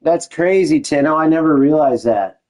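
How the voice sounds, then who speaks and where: A man's voice: on the high side, lively intonation, normal speed, a little mellow, low-quality recording. Chatty young man streaming a game. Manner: chatty, loose, with restarts and slang like "dude". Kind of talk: casual gameplay commentary to live chat.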